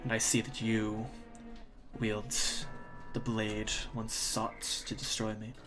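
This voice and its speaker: A cold, calm arcane thief played by a man speaks in an unhurried monotone, his lowish voice level and dismissive. He sounds utterly unimpressed by the people in front of him. Faint music plays beneath the tabletop game. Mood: aloof.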